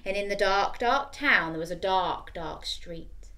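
A woman reading a bedtime story aloud to children, animated and inviting them to join in, dropping to a hushed, dramatic tone on the spooky repeated words. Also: medium pitch, normal speed.

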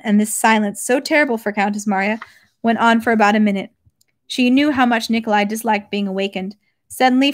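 A woman reading a classic novel aloud at home, steady, with occasional self-corrections. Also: on the high side. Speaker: reader of a novel. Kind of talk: read-aloud narration.

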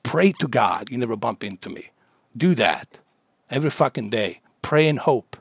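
A man's voice: medium pitch, lively intonation, normal speed, vocal fry, breathy edge, no room sound, clean studio sound. Furious, foul-mouthed streamer man. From Bosnia. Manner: profane, aggressive, threatening. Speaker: livestreamer. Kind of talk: angry livestream rant at a chat troll.

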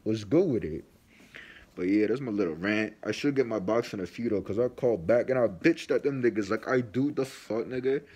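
Young male vlogger, low husky voice, slangy profane ranting, a bit sick. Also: brisk, darkish tone. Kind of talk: casual unboxing vlog.

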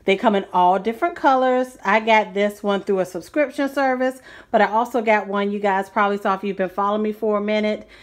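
A woman's voice: mid-range voice, steady tone, brisk, hardly any pauses. A woman chatting casually in a fashion vlog from her bedroom at home, slightly out of breath and often apologizing to her viewers. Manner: chatty, apologetic, addresses viewers as guys and y'all. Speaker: vlogger.

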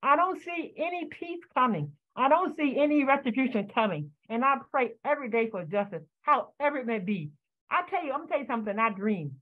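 A woman's voice: high-pitched, animated, a little fast. Older woman, emotional, tinny call audio. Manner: impassioned, repeating herself, voice rising. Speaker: community descendant speaking on a panel. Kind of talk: emotional testimony. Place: home, joining by video call. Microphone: video call.

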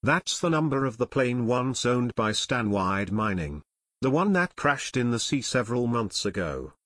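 A man's voice: medium pitch, very animated, normal speed, a bit bright, no room sound, studio quality. A man reading the part of a middle-aged airport tower chief, with a shaky, frightened delivery, in an audiobook. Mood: shaken.

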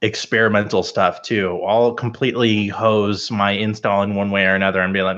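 Younger guy cracking jokes, kinda low voice, muffled lo-fi audio. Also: level tone, fairly quick, few pauses, a bit bright. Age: younger adult. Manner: joking, playful, slangy. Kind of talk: casual live-stream chat.

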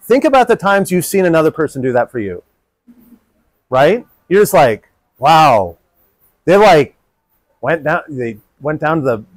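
Earnest man coaching with bright voice. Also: a little high, dry recording. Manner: earnest, animated, acts out inner dialogue. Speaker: workshop presenter. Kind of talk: answering audience questions. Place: workshop room.

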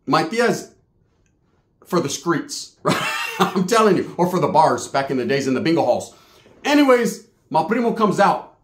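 High-voiced man telling profane comic stories. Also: lively intonation, normal speed, a bit bright. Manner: slangy, profane, punchy asides. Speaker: comic storyteller. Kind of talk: profane comedic storytelling. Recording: roomy echo.

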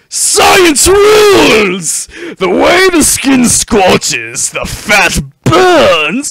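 A man's voice: very high-pitched, gravelly, fairly bright tone, dry recording, pitched above the performer's own voice, exaggerated voice. A man voicing a screaming, flame-wielding male boss villain in a game playthrough, theatrical and overblown. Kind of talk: let's play commentary with voiced game lines.

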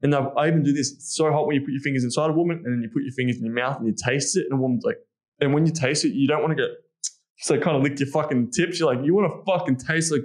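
A man's voice: on the high side, racing. A man as a podcast guest and intimacy coach, talking in a casual, frank way with lots of swearing and fillers. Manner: frank, profane, animated, with frequent fillers.

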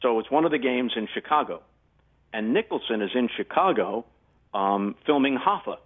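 An older man, a guest sportscaster, telling anecdotes in an animated way during a casual interview, heard over a tinny remote line. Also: mid-range voice, moderate pace.

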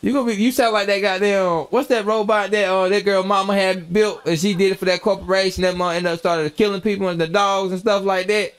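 A man's voice: sits high, steady tone, a little fast, few pauses, smooth. A young man streaming a role-play game, chatting casually, telling stories in slangy, profane talk and laughing often. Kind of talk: casual gameplay chat.

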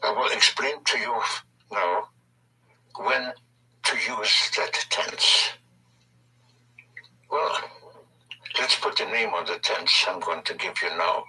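Slow, patient man teaching from a distance. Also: lowish voice, pushed and bright, slightly rough. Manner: slow, patient, emphatic explaining with repetitions. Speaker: language teacher. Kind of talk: recorded language lesson.

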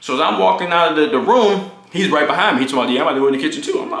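A young man casually telling a profane, animated story about his college roommate, acting out what people said. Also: rapid-fire, gravelly, hardly any pauses, echoey room, a little hiss or hum. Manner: animated, profane, acts out quotes in high voices. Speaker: storytime vlogger.

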